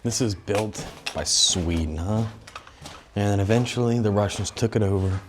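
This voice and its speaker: Young man, low voice, casual travel vlog, excitable and joking, phone mic outdoors, out of breath. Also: normal speed, noisy background. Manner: excitable and joking, swears, talks straight to viewers. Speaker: travel vlogger. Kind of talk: casual walking vlog talk. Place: outdoors and in stone tunnels of a sea fortress. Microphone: phone on a selfie stick.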